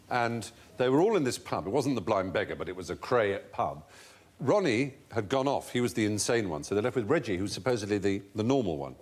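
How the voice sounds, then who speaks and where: A man hosting a TV quiz show in a studio, telling anecdotes with relish. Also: lowish voice. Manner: animated anecdotal, puts on voices for quotes. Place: TV studio before an audience.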